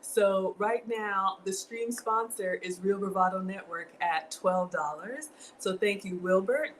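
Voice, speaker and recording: A woman's voice: medium pitch, measured pace, slight background noise, poor audio. A woman, cooking at home on a livestream, chatting and thanking her viewers. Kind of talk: casual livestream cooking chat. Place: home kitchen.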